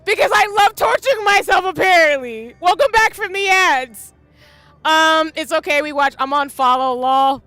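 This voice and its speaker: A high-pitched woman with a bright, sharp tone chats to her stream while playing. She is emotional and gushing, often close to tears, with faint game music playing behind her. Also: expressive, moderate pace, dry recording. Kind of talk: casual live-stream commentary.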